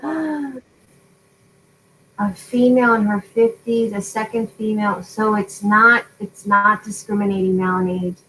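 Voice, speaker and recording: A woman's voice: mid-range voice, steady tone, unhurried, fairly bright tone, slight background noise, poor audio. A woman in her forties hosting a casual craft tutorial livestream, chatty and often laughing as she drifts off topic. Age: 40s. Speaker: craft channel host.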